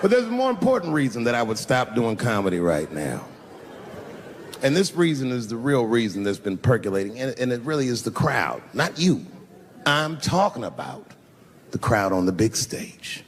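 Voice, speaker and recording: A man performing a stand-up set, telling a profane story that swings from low, drawn-out lines to high shouts. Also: sing-song, slight background noise. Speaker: stand-up comedian. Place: large theater stage. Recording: reverberant theater with loud crowd laughter.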